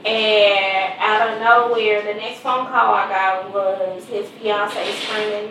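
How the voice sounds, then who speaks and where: A middle-aged woman tells her story as a mother in an earnest, conversational way, her pitch sitting in an ordinary middle range. She is recorded from some distance in a strongly reverberant room. A faint ambient hum sits under her voice. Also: flat delivery, takes it slowly, hardly any pauses. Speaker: mother of a murder victim. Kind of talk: personal testimony.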